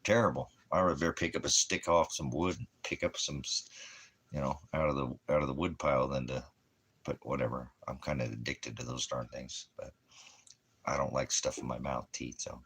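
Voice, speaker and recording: Host: low, husky man, rambling monologue, cracks jokes and laughs at them. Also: steady tone, moderate pace, fairly bright tone. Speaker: internet ministry host.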